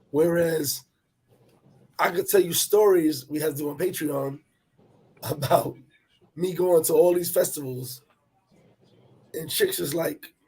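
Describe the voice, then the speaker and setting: A man telling a personal travel story in animated, profane street talk, repeating words as he goes. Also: a little high, slightly rough. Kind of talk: casual storytelling chat.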